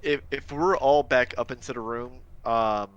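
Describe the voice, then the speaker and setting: A man's voice: medium pitch, normal speed, fairly bright tone, clear, resonant tone, highs cut off. A man chatting casually as a player at a tabletop game, rambling and playful. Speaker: player and organizer of the group.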